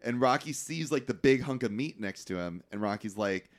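Animated man recapping a movie. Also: medium pitch, moderate pace, hardly any pauses. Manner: animated storyteller, acts out movie lines, swears freely. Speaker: podcast co-host. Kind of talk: casual movie recap chat.

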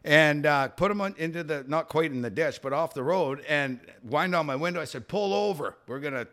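A man's voice: fairly high pitch, brisk. A Canadian man co-hosting a podcast, telling a rambling, profane story in casual chat. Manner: profane, storytelling, gets loud and excited. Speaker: podcast co-host.

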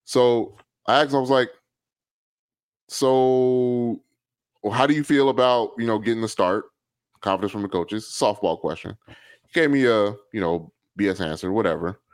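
A man's voice: lowish voice, normal speed, pauses often, smooth, dry recording. A man co-hosting a casual sports podcast, telling stories with lots of laughter and acted-out quotes. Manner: animated, laughs often, acts out quotes. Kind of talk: casual chat, storytelling.

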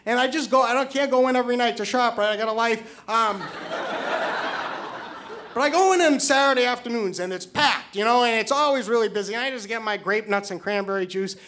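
A middle-aged man telling a live story, excitable, stumbling over repeated words. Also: very high-pitched, a little fast. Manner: excited, stammering repetitions.

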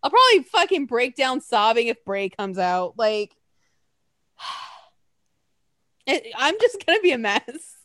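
A young woman with a high voice that leaps around as she chats, animated and profane, laughing between thoughts. The sound is close and dry. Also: takes it slowly, pauses often, no room sound. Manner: animated, swearing, laughing often. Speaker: podcast co-host. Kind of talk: casual chat.

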